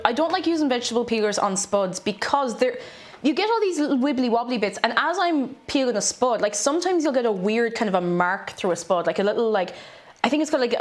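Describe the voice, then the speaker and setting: An Irish woman in casual livestream chat while cooking, chatty and self-mocking, greeting viewers by name. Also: on the high side. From Ireland. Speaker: streamer. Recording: faint background music.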